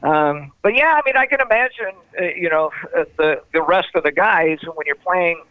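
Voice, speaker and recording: His voice fairly high and his speed normal, a former tour manager shares road stories in an interview over a dry, tinny phone call. He tells them animatedly, acting out what people said.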